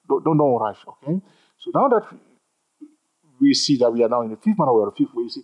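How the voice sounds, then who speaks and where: A man with a husky voice teaching a trading chart tutorial, animated, repeating himself and joking with viewers. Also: medium pitch, fast talker, rough recording. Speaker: trading instructor. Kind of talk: screen-recorded chart tutorial.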